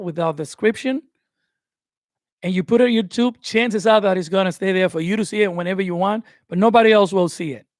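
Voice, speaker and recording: A man with a young family giving casual, animated YouTube advice during a live stream from his home studio. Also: high voice, no room sound. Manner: animated, conversational, laughs often. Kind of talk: live-stream tutorial talk.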